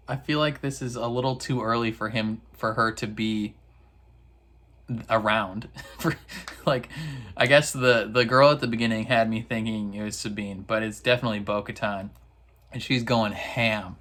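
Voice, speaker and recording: Slow-talking man, casual, slangy recap. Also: mid-range voice, a bit bright. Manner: slangy, laughs a lot, acts out characters in silly voices; rambling with fillers and restarts. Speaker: reaction video host.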